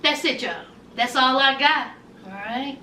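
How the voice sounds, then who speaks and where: A woman's voice: high voice, unhurried, sharp tone, roomy sound, distant mic, a little hiss or hum. A woman vlogger giving a sassy, gossipy recap of a reality show, talking straight to her viewers.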